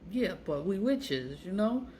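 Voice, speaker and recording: A woman's voice: mid-range voice, sing-song, takes it slowly, warm tone, slight background noise, rough recording. A woman giving casual, blunt commentary, sounding exasperated and mocking as she reacts to text messages. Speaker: online seller and vlogger.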